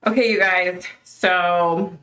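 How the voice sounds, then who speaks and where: Chatty woman livestream host, low voice. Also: steady tone, takes it slowly, fairly bright tone. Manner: chatty, greets viewers by name, talks with a skeptical edge. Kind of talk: casual livestream chat.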